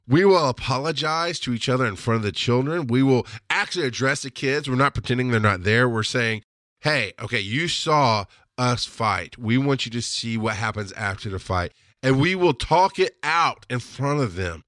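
A man's voice: medium pitch, expressive, normal speed, a bit bright, dry recording, studio quality. A middle-aged man hosting a podcast, talking in a casual, rambling way and often breaking into laughter. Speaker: podcast host. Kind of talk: casual livestream monologue.

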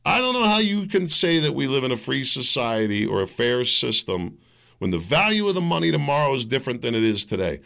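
A man's voice: mid-range voice, sing-song, brisk, gravelly, sharp tone. A man hosting his own podcast, ranting through solo political commentary and acting out the people he quotes. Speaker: podcast host.

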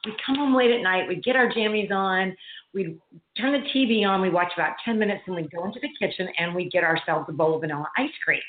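A woman's voice: mid-range voice, fast talker, a little hiss or hum. A middle-aged woman, a guest speaker, telling a story in casual chat, acting out the quotes with laughs. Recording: tinny phone line, echoey room.

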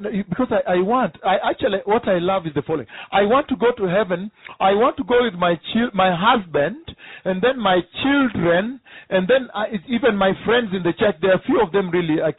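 A man's voice: high voice, slightly rough, dry recording. Emphatic man preaching over a tinny line. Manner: emphatic, repeats key phrases, asks the audience rhetorical questions. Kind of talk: sermon teaching.

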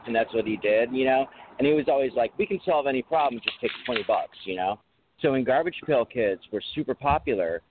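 Guy rambling and swearing through old stories, sounds tinny like a phone line, faint hiss behind. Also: medium pitch. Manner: profane, rambling storyteller. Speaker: podcast co-host. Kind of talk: casual chat.

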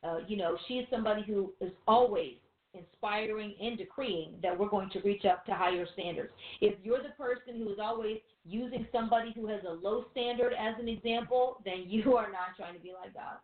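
A woman preaching in a relaxed, chatty way, firing off rhetorical questions and little asides. Her voice comes through thin and phone-like, with a roomy echo around it. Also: mid-range voice. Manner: animated, rhetorical questions, quick asides and laughs. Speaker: co-host of a Christian teaching show. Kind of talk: casual conversational preaching. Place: room with a few listeners behind the cameras. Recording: tinny phone-like sound in an echoey room.

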